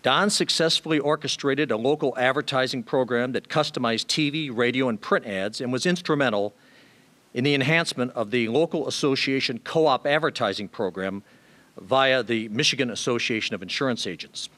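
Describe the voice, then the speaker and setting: A man delivering a formal prepared tribute speech, measured and steady, with small hesitations. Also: mid-range voice. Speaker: tribute speaker.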